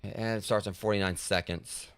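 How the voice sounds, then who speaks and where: A man's voice: lowish voice, steady tone, quick pace, fairly bright tone, smooth, no room sound. A man streaming a horror game and chatting loosely to his viewers, rambling with lots of fillers. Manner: rambling, heavy with fillers like "like" and "you know". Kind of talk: casual gaming livestream talk.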